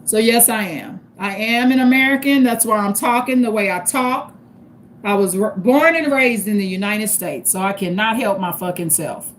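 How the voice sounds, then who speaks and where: A woman's voice: mid-range voice, normal speed, a little hiss or hum. A middle-aged woman from St. Louis, Missouri, talking bluntly and profanely in a casual livestream. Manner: blunt and profane, street-tough. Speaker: livestream host.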